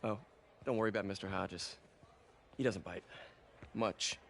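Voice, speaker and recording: A man's voice: sits low, measured pace, creaky, a little hiss or hum, heavily acted. An actor playing a friendly young man who reassures a newcomer and jokes lightly, in a video game cutscene. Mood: reassuring. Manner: warm, reassuring, joking.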